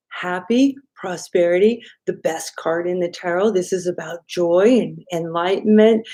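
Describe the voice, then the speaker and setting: A woman hosting a live stream as an intuitive card reader, talking straight to her viewers in an animated way and often adding "right?". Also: medium pitch. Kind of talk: live-stream tarot reading.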